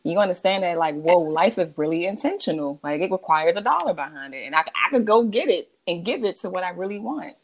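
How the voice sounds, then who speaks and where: A woman from Washington, D.C., a guest on a casual podcast interview, talking in a calm, reflective way. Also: fairly low pitch, brisk, hardly any pauses, rough recording. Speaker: guest, entrepreneur and herbalist.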